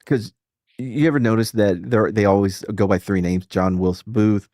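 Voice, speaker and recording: A man's voice: on the low side, normal speed, dry recording, studio quality. A man hosting a livestream, chatting casually with friends, joking and swearing. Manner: animated, profane, joking. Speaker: streamer host. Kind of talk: casual group chat on a livestream.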